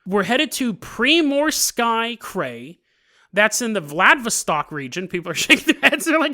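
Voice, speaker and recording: A man hosting a podcast, telling a story casually with joking asides and quick laughs. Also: very high voice, big pitch swings, bright, forceful tone. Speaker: podcast host.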